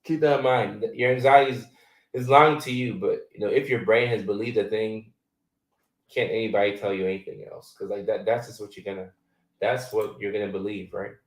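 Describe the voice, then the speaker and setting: A man's voice: lowish voice, steady tone, fairly quick, echoey room, recorded from a distance, rough recording. A man in his thirties, born in Ghana, hosting a casual live chat and answering viewer questions in a loose, filler-heavy way. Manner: loose and conversational, many fillers.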